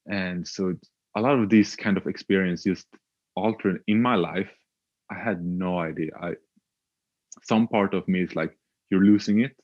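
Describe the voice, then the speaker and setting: A young man with a very low, deep voice tells his story slowly and haltingly, pausing often. The sound is dry and close, but the recording is dull and lo-fi. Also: no echo. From Sweden. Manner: hesitant, halting, with frequent filler sounds. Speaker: podcast guest. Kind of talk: reflective personal storytelling.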